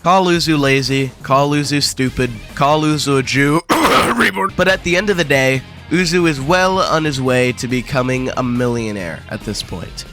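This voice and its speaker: A man's voice: mid-range voice, normal speed, pushed and bright, faint music behind. A young man hosting a gaming video, delivering sarcastic, crude commentary full of profanity and mock drama.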